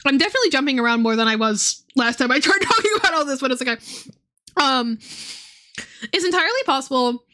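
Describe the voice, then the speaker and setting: Rambling woman streamer, slightly high voice. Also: lively intonation, fast, bright, forceful tone. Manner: rambling, profane, many fillers. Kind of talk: casual stream commentary.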